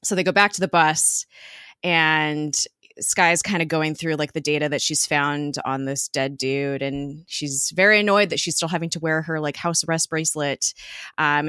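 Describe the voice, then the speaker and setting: A woman's voice: deep voice, bright, forceful tone, no room sound, clean studio sound. A woman co-hosting a podcast, casually recapping a TV episode, chatty with lots of fillers and laughs. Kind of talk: casual chat.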